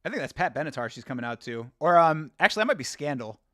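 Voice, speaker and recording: A man's voice: a little high, animated, fast talker, a bit bright, dry recording, studio quality. A man hosting a live watch-along stream, chatting casually, rambling and laughing as he reads from chat.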